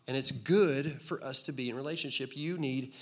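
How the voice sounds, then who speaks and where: A man preaching a sermon to a congregation in a relaxed, conversational way, cracking jokes and asking the room to answer back. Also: medium pitch, normal speed. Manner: conversational, joking, asks the crowd to respond. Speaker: pastor. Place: church hall with congregation.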